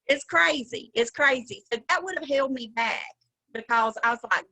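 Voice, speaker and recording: A woman's voice: high-pitched, animated, unhurried, long pauses, sharp tone, low-quality recording. A middle-aged woman with a Southern drawl, giving a chatty, folksy sales training talk on a video call. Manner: chatty, folksy, laughs often. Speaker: sales director.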